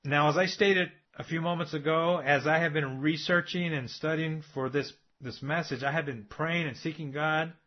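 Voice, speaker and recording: A man's voice: a little high, steady tone, normal speed, hardly any pauses. Emphatic male preacher, lo-fi sound. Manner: rhetorical questions, emphatic preaching. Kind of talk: sermon. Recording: dull lo-fi recording.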